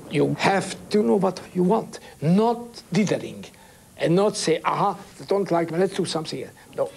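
An older man speaks English with a Hungarian accent, pausing and rephrasing as he thinks. His voice is gravelly and sits a little high, swinging up and down. Faint music plays behind him. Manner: halting, broken English phrasing. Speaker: interviewee, conductor. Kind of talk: reflective interview.

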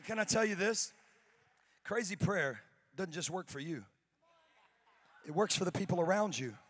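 A male pastor preaching a sermon to a congregation, swinging from hushed asides to shouted peaks, with humorous storytelling. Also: sits high, animated, normal speed, husky. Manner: humorous storytelling with acted-out voices. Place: church sanctuary before a congregation.

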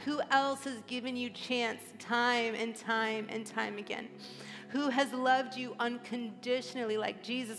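A woman's voice: on the high side, fairly bright tone. A woman in her forties preaching a heartfelt, tearful sermon in a large church hall. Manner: emotional, tearful, earnest preaching. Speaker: pastor. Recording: live church hall reverb.

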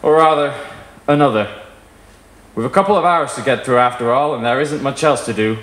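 A man's voice: mid-range voice, brisk, a bit bright, lightly acted. A man voicing a wiry, sunburned man with a Canadian accent who coaxes a woman to join him for a drink. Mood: encouraging. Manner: coaxing, encouraging. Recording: echoey room at a live reading.

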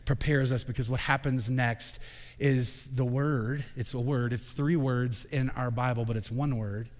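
A man preaching a sermon as senior pastor, moving from quiet, hushed reflection up to shouted proclamation. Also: mid-range voice, steady tone, measured pace, long reverb tail. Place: church sanctuary.

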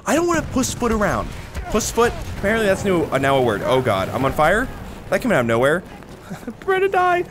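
A young man giving jokey, profane commentary while playing a shooter game, swinging between yells and mutters. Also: a little high, very animated, fast talker, over music. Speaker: gaming video host. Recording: game gunfire loud under voice. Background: gunfire and battle noise from the game.

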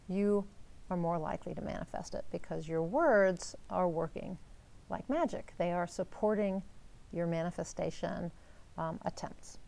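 Gravelly-voiced woman coaching casually. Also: on the low side, moderate pace, a little mellow. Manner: coaching, upbeat, uses rhetorical "right?" and "okay?". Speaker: manifestation coach. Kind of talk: casual teaching talk.

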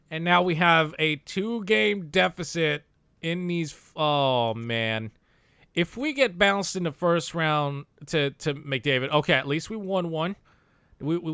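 A man giving let's-play commentary as a gaming YouTuber, excitable, swearing and yelling at the game. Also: sits high, vocal fry, no room sound.

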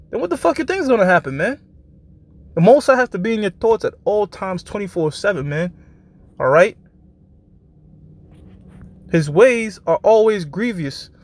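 A man with a notably high voice preaching live in a blunt, profane, street-talk manner. He keeps checking in with his listeners and drops into a slow, deliberate cadence whenever he reads scripture aloud. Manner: slows down for scripture passages. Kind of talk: informal preaching with scripture reading.

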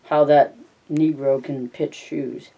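A man voicing a gruff, blunt ranch hand who talks in coarse, insistent phrases in a read-aloud story. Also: on the high side, little pitch movement, slow pace, narrow, tinny audio, full character voice.

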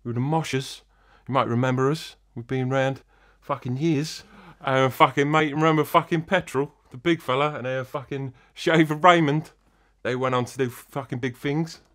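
A man's voice: medium pitch, fairly even intonation, normal speed, hardly any pauses, a bit bright, lightly acted. A man playing a crude, swaggering old-school British wrestling legend, swearing constantly as an interview guest. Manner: swears constantly, cocky geezer bravado.

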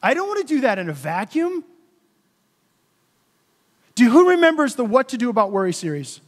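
A man's voice: very high voice, wildly swooping pitch, moderate pace. A pastor addressing his congregation at a church meeting, earnest and emotional, often checking in with the room. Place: church sanctuary. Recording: long hall reverb.

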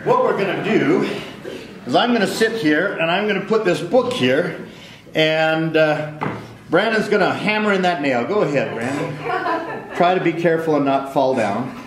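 A man's voice: a little high, normal speed. A middle-aged man lecturing on physics to a live class in a large lecture hall, telling stories with chuckles. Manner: lively storytelling with chuckles. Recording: very echoey lecture hall, faint noise.

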